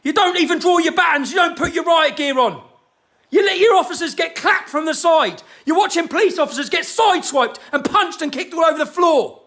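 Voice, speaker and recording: Angry man in his thirties, pitched very high, tense and cutting, ranting to camera with constant swearing. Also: lively intonation, fairly quick. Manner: furious, shouting, heavy swearing.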